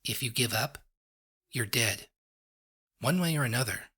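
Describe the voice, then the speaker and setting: Gruff, foul-mouthed pony mare, slow and husky; a man voices her. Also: mid-range voice, animated, bright, forceful tone, full character voice. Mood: grim. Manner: blunt, gruff, swearing. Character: tough, foul-mouthed female pony scavenger.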